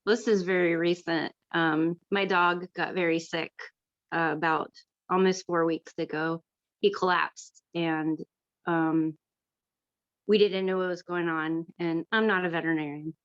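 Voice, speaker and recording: A woman tells a personal story on a video call, candid and earnest. Her voice sits low, and the audio is dry and muffled. She talks in a plain, frank way with fillers. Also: fairly even intonation, unhurried, clean tone, no echo. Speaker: workshop participant. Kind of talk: personal story in an online workshop.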